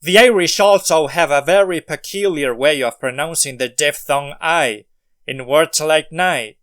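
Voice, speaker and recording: Smooth-voiced man narrating a language lesson. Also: on the high side, a little slow, a bit bright, faint music behind. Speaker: language video host. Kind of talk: scripted educational narration.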